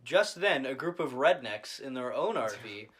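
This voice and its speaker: A man co-hosting a podcast, recapping a comedy film in casual chat, swearing often and rising to loud outbursts. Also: mid-range voice, animated, moderate pace, crowd noise. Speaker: podcast co-host.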